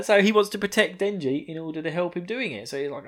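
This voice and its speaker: A man's voice: sits high, animated, fast talker, a bit bright. A man hosting a podcast, casually recapping an anime episode, rambling, laughing often and swearing freely. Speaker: podcast host.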